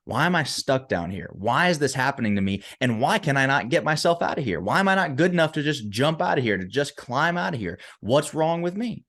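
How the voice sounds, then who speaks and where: A man voicing a stressed man stuck in a deep hole, pleading with passers-by to help him out. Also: very animated, fairly quick, few pauses, fairly bright tone. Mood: self-pitying. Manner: pleading, questions pouring out.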